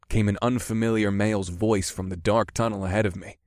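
A man narrating a first-person fantasy audiobook in a steady, measured way. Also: fairly low pitch, no echo, clean studio sound.

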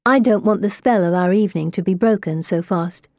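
Mellow-voiced woman narrating a novel. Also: medium pitch, fairly quick, dry recording, clean studio sound. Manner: intimate first-person storytelling. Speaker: audiobook narrator. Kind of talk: scripted narration.

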